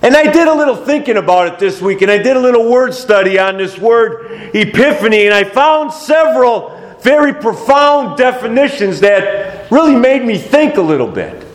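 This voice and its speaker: A man preaching a sermon as pastor, animated, rising to shouts of praise and chuckling between lines. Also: very high voice, moderate pace, roomy sound. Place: church. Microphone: microphone, moving on and off it.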